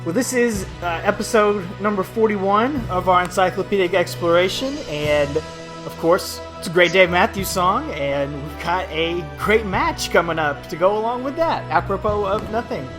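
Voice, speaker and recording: A man's voice: high voice, normal speed, music in the background. A young man hosting a casual podcast, jokey and chatty, with frequent fillers and asides. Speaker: podcast host.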